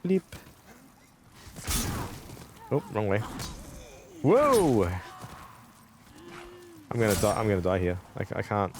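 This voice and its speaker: A man live-streaming a video game, chatting with viewers, excitable, laughing and swearing often. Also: lowish voice, fast, a little hiss or hum.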